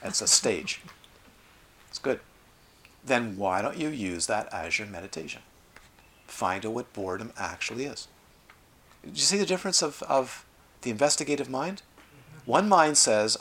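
A middle-aged man teaching meditation at a retreat, talking in an animated way with playful asides. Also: mid-range voice, moderate pace, long pauses, a little hiss or hum. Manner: animated, acts out quoted voices, lively asides. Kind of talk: dharma talk at a retreat.

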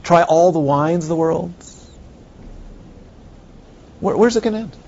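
A man teaching Buddhism delivers an animated dharma talk to students, throwing out rhetorical questions and acting out others' reactions. His voice is fairly high and measured in pace. The recording is muffled.

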